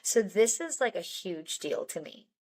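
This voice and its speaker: A woman's voice: mid-range voice, big pitch swings, a little slow, a little mellow. Chatty young woman telling her story. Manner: chatty, many "like"s, laughs between lines. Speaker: guest. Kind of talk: candid personal storytelling.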